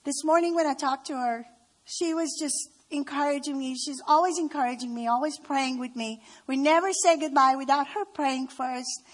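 A middle-aged woman giving a heartfelt personal testimony talk to a women's gathering, telling family stories and slowing down for emphasis. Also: high-pitched. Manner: heartfelt, storytelling with slow emphasis.

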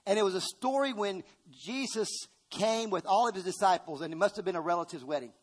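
A middle-aged male preacher delivering a sermon, emphatic, swinging between loud bursts and hushed asides and calling on the congregation to respond. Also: sits high, fairly quick.

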